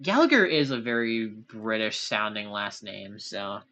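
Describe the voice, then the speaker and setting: A woman's voice: very deep voice, very animated, measured pace, a bit bright, slight background noise. A woman live-streaming, chatting casually with her chat in a rambling, giggly, self-deprecating way.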